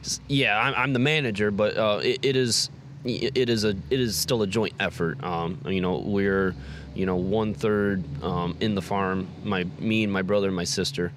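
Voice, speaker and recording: Man, low voice, halting speech full of fillers, farm interview outdoors. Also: fairly even intonation, background noise. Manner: hesitant, stammering, many fillers. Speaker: pumpkin farm manager, guest. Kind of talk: casual on-site interview.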